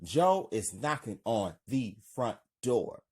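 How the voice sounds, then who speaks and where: A man's voice: mid-range voice, sing-song, takes it slowly, darkish tone. A man reading his own drama script aloud with stage directions, in a plain, unpolished way.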